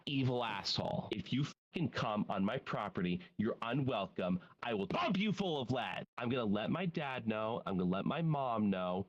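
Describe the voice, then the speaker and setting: A man's voice: medium pitch, a bit bright, muffled recording. A man angrily ranting and swearing over game voice chat, making indignant threats. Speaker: voice chat player being trolled. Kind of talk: angry voice chat rant.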